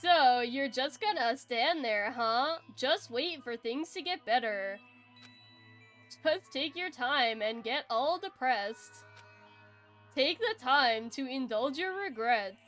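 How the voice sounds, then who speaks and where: A woman voicing a brash male gang leader with a gruff, swaggering delivery while reading game dialogue aloud. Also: high-pitched, animated, slow, fairly bright tone, soft background music, exaggerated voice.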